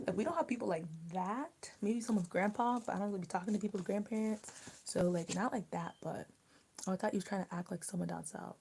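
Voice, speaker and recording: A woman's voice: mid-range voice, quick pace, gravelly, slight background noise. Chatty young woman live-streaming. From Maryland, US. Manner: chatty, answers viewer comments out loud. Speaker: livestream host. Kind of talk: casual live-stream chat while eating.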